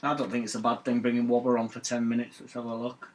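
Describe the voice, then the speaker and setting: A man's voice: medium pitch, monotone, fast talker, a little mellow. A man hosting a live match watch-along, ranting bluntly about football with swearing and banter. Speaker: fan channel host.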